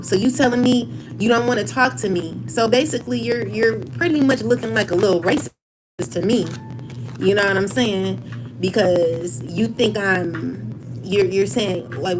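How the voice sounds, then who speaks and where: A woman's voice: mid-range voice, measured pace, music in the background, rough recording. A woman, venting angrily to camera in a profane personal rant full of repeated phrases and restarts. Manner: heated, profane and repetitive, with many restarts. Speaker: vlogger.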